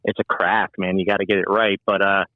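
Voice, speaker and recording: A man from New Jersey and New York City, a guest musician telling animated stories in casual chat and swearing freely. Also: low-pitched, fairly quick, no echo, phone-quality sound. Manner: animated storyteller, acts out quoted voices, swears freely.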